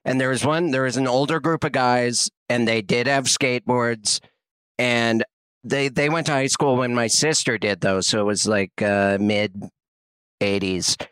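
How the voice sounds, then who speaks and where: A man's voice: medium pitch, steady tone, a little slow, fairly bright tone, clear, resonant tone, no room sound. A man co-hosting a podcast, telling rambling, playful stories in a casual chat. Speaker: podcast co-host.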